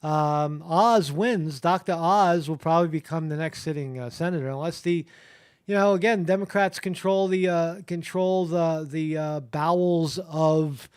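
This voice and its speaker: Halting, crude-talking man with a fairly high voice. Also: smooth, dry recording, studio quality. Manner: halting, filler-heavy, crude and blunt. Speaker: live show host. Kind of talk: live-stream commentary reading headlines.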